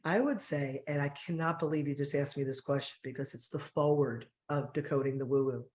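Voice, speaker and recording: A woman in her forties from New Jersey, a guest author in a casual interview, animated and laughing with quick asides. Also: low voice.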